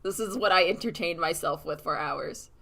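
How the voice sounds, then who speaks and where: A woman's voice: lowish voice, moderate pace, gravelly, a bit bright. A woman chatting casually on a live stream about her animation work, giggly and swearing freely. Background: song playing faintly.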